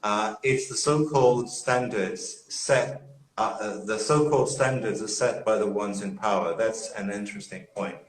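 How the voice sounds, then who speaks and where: A Brazilian man whose first language is Portuguese, a guest English teacher speaking casually on a live video call and telling lively stories with frequent chuckles. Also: fairly low pitch, normal speed. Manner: lively storyteller, chuckles often. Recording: roomy echo.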